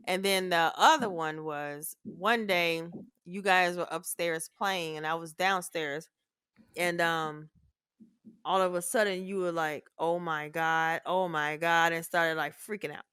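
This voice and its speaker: A middle-aged woman co-hosting a family podcast, her voice bright and forceful. She tells animated, profane stories and acts out her own reactions, and the sound is dry and close. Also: fairly low pitch, unhurried, clean tone, no echo. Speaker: podcast co-host, mother. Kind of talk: casual family chat.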